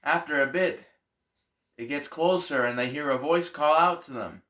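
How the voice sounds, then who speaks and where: A male pastor telling a Bible story as a Sunday school lesson, animated and then dropping to soft tones for emphasis. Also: a little high, moderate pace.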